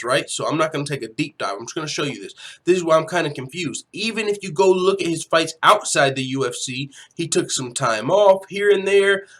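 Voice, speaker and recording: Young dude streaming from home, laid back, cusses a lot, talks to chat. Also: male voice, a little high, fairly bright tone. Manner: laid-back, swears freely, reads chat aloud. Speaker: livestream host. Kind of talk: casual livestream commentary.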